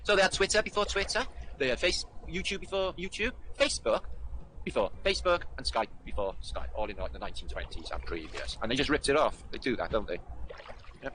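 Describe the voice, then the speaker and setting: Casting: a male livestream host, quick and bouncy in pitch, sardonic and sweary. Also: animated, fairly bright tone, slight background noise, low-quality recording. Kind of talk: casual livestream commentary.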